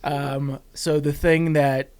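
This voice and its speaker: A man's voice: on the high side, level tone, slow, a little mellow, clean tone. A man hosting a podcast interview, upbeat and jokey with his guests. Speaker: podcast host.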